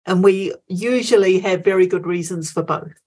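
A woman's voice: lowish voice, normal speed, darkish tone. A middle-aged woman, a guest in an interview, telling a story with many fillers and restarts and acting out her inner voices. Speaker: guest, former Olympic marathon runner.

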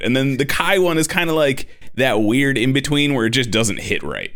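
A man in his thirties in casual podcast chat, animated and swearing freely. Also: medium pitch, moderate pace.

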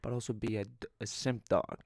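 A man's voice: lowish voice, fairly even intonation, fairly quick, a little mellow, no room sound, clean studio sound. A young man co-hosting a podcast, chatty and laughing, who says "dude" a lot. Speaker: podcast co-host. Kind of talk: crude joking podcast banter.

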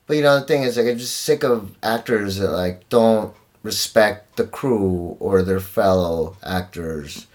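A man's voice: lowish voice, measured pace, darkish tone. A man, an actor, talking in a casual podcast chat, slangy and profane.

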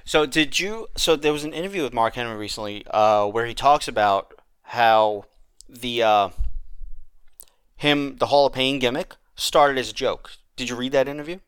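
A man co-hosting a podcast, telling a long story in a casual, animated way with frequent restarts. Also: medium pitch, normal speed, clear, resonant tone, no room sound, clean studio sound. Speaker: podcast co-host.

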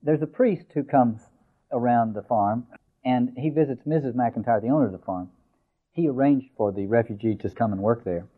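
Man lecturing over tinny phone-like audio. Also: mid-range voice. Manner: reads passages slowly, then explains in a discursive way with fillers. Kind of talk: lecture with story reading.

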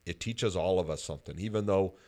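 Low voiced guy hosting a chat, thoughtful, says uh a lot. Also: a little fast, a little mellow. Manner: reflective, with frequent fillers and laughter. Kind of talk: casual conversation.

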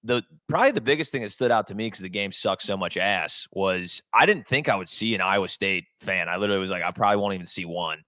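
A man's voice: fairly low pitch, animated, fast, few pauses, sharp tone, dry recording. A young man co-hosting a podcast, telling sports stories in a laid-back, joking way. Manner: laid-back storytelling, silly voices for jokes. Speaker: podcast co-host. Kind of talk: casual sports chat.

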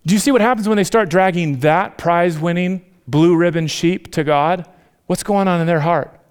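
A man delivers a sermon as pastor, his voice sitting a little higher than most men's. He tells stories with animation, climbing in volume for emphasis and falling to hushed, almost whispered lines. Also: normal speed, clear, resonant tone. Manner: animated storytelling, rising loud for emphasis then dropping to near whispers.

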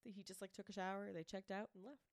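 With a quick pace and a steady mid-range voice, a young podcast co-host relates a true-crime tale in relaxed, chatty fashion. She leans heavily on "like," and the dry recording has a clean studio sound.

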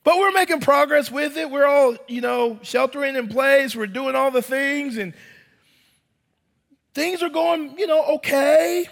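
A man's voice: extremely high pitch, measured pace, vocal fry, fairly bright tone, big-room sound. A man in his thirties preaching a sermon in church, telling a story animatedly and addressing the congregation as y'all. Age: 30s. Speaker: pastor.

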